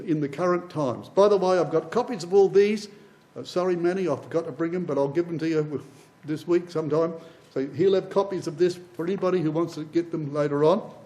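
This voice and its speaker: Impassioned high-voiced male preacher. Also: a little mellow, poor audio. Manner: impassioned, addresses brothers and sisters; preacherly build-ups with repeated phrases. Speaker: lay preacher giving a Bible class. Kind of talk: sermon.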